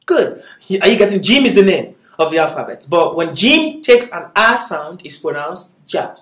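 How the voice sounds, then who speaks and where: A man's voice: sits high, sing-song, normal speed, a bit bright, distant mic. Patient man teaching in an echoey room. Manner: patient, checks in with students constantly; encouraging, drills syllables aloud. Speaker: Arabic teacher. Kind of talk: classroom lesson. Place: classroom.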